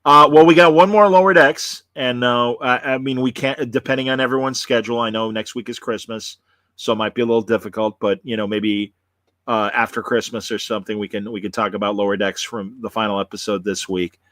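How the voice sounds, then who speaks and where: A man hosts a casual talk show, meandering through his points with frequent fillers and false starts. His voice sits in an ordinary middle pitch and sounds dry and close to the mic. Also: steady tone, a little fast, fairly bright tone, dry recording. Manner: rambling, many fillers and restarts. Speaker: host. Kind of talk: casual chat.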